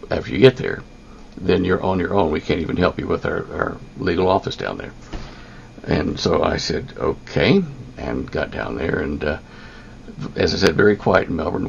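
An older man telling a long personal story, halting, with many ums and restarts. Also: low voice, gravelly, highs cut off, a little hiss or hum. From United States. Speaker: interviewee.

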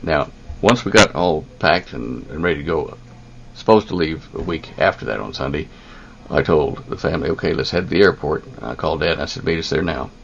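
Gravelly low-voiced older man. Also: highs cut off, a little hiss or hum. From United States. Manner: halting, full of ums and restarts. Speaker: interviewee. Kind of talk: telling a personal story.

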